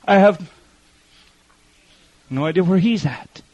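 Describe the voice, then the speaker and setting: Husky folksy preacher man, lo-fi. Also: sits high, slow pace, a little mellow. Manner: folksy storytelling with quoted voices and repetition. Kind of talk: sermon testimony. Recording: muffled lo-fi recording.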